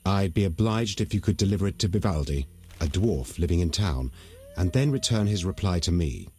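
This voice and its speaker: A calm, wise elven druid in a video game. His voice is low, with a lively, rolling lilt. He speaks with measured courtesy, and faint music sits behind him.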